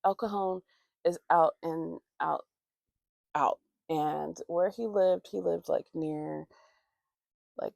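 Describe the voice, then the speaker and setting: Woman vlogger, heavy vocal fry, casual profane storytime, dry close mic. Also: lowish voice, darkish tone, no echo. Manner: rambling, profane, acts out quoted voices. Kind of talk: casual storytime while doing makeup. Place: at home, morning makeup routine.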